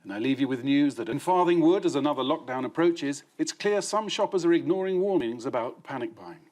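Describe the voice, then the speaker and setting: A man's voice: on the high side, animated, fairly quick, a little mellow. A man hosting a comedy news quiz in a television studio, reading out questions and landing dry, wry punchlines. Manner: dry, wry delivery of set-up jokes. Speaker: quiz show host.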